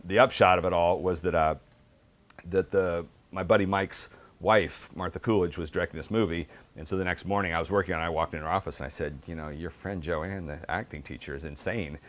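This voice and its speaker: A middle-aged man giving a book talk, telling casual, animated anecdotes with lots of fillers. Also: deep voice. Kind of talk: storytelling talk.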